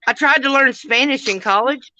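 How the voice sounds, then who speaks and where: Woman host in her fifties, bright forceful tone, rambling blunt chat, dull lo-fi stream audio. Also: high voice, moderate pace, a little hiss or hum. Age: 50s. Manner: rambling, blunt, swears casually. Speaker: livestream host. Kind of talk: casual chat.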